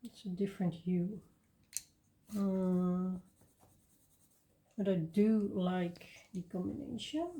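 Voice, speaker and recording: A woman talks through her coloring session at an unhurried pace, thinking aloud as she works. Her voice is dark and mellow. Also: fairly low pitch, fairly even intonation, a little hiss or hum. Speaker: coloring video host. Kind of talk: casual coloring commentary.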